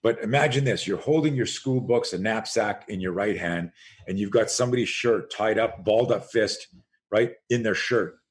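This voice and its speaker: A man's voice: on the low side, normal speed. A man in his sixties, a self-defense coach guesting on a podcast, telling stories with energy, acting out the voices he quotes and repeating words as he restarts a thought. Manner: animated storyteller who acts out quoted voices. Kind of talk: storytelling interview.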